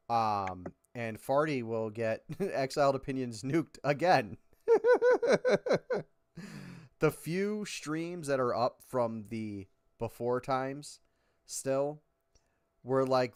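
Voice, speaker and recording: A man hosting a stream, chatting casually in a rambling, self-correcting way and joking about his low viewer count. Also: no echo. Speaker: stream host. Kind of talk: casual chat.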